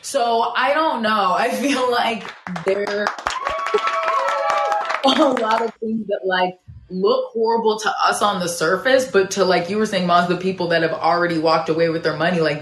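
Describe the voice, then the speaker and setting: A woman's voice: on the low side, normal speed, roomy sound. A woman on a talk panel, rambling wryly with many "like" fillers. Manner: rambling, full of "like" fillers, wry. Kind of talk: casual political discussion.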